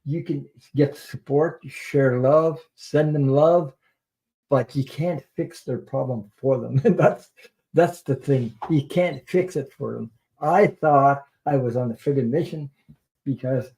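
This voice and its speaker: A man's voice: medium pitch, takes it slowly, mellow, poor audio. A middle-aged man hosting a tarot livestream, chatting in a rambling way, laughing often and swearing casually. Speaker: tarot reader and livestream host.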